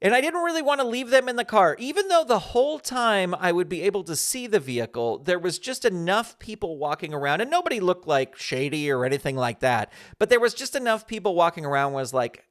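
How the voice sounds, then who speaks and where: A man's voice: fairly high pitch, brisk, hardly any pauses. A man in his fifties, a podcast host telling a chatty, self-deprecating story in a casual monologue. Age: 50s. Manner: chatty, self-deprecating, animated when quoting others.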